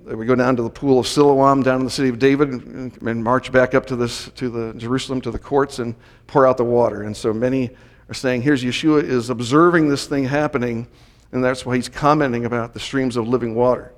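A man delivering a Bible teaching sermon, explaining the setting of a passage step by step and lifting his voice when he reads scripture aloud. His voice sits in an ordinary middle pitch. The sound carries a long reverb from a large hall. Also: steady tone, a little fast. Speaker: teacher in a Messianic congregation.

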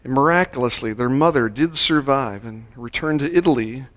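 Male pastor, mid-pitched voice, deliberate sermon delivery that leans on key words. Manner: measured, slowing down to stress key words. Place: church service.

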